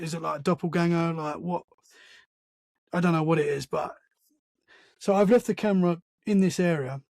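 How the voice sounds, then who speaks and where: A man, a podcast guest, telling a story in casual conversation, animated and full of restarts. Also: on the high side, dry recording. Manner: animated storyteller, acts out sounds and quotes; many restarts and "man" fillers.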